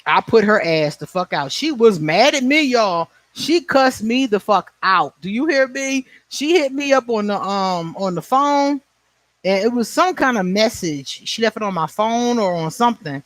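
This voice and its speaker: A man's voice: sits high, lively intonation, moderate pace, a bit bright, no echo. A man in his forties hosting a casual livestream chat, telling stories bluntly and profanely, laughing often and answering viewers by name. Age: 40s. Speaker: livestream host.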